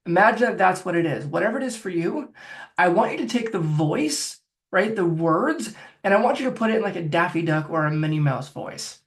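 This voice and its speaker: A man's voice: high-pitched, animated, brisk. A man working as a phobia coach, talking the listener step by step through a guided self-help exercise. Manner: directive, coaching, talks viewer through steps.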